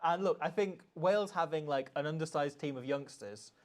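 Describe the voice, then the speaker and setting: A man with a fairly high voice co-hosting a live reaction stream. He chats casually and rambles, losing his thread now and then. He reads viewer comments aloud between his own stories. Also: moderate pace. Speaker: co-host of a rugby channel.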